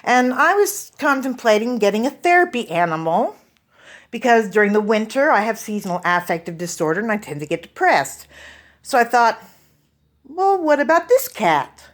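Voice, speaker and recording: Lively Oklahoman woman doing stand-up. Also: medium pitch, normal speed. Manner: profane, deadpan asides, storytelling. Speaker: stand-up comedian. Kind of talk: stand-up comedy routine.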